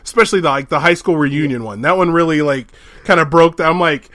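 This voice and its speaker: A man co-hosting a podcast in casual chat, excitable and laughing often as he talks. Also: on the high side, fast talker, no room sound. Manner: excitable, laughs a lot while talking. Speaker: podcast co-host.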